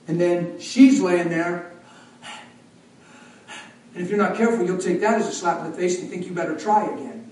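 High-voiced preacher in an echoing hall. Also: male voice, moderate pace, pauses often. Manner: animated storyteller, swings from loud to hushed. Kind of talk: sermon storytelling. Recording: echoey hall from far off.

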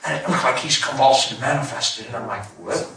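A man's voice: mid-range voice, fast talker, gravelly, bright, forceful tone, breathy edge. A man preaching a sermon, telling a personal story with fervent, emotional storytelling.

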